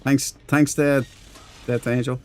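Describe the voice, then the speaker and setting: A man streams a game and chats loosely with viewers, rambling, laughing easily, and reading and answering the chat. His mid-range voice is flat and darkish in tone, and he takes his time.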